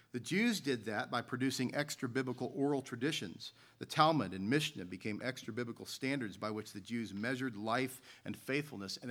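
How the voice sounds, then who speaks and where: Casting: bright, clear-toned male pastor, earnest storytelling sermon delivery. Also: mid-range voice. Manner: earnest, storytelling preacher who reads scripture aloud.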